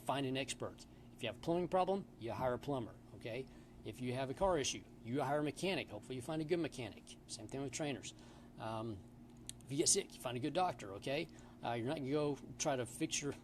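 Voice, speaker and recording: A man's voice: mid-range voice, a little hiss or hum, rough recording. A man who works as a personal trainer, giving casual, emphatic advice to the camera in a gym and often checking in with "okay?" and "all right?".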